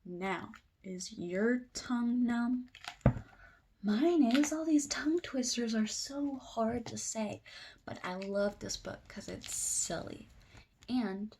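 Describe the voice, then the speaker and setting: A woman's voice: a little high, a little mellow, slight background noise. A young woman teacher reading a children's storybook aloud, playfully stumbling through tongue twisters and talking to young viewers.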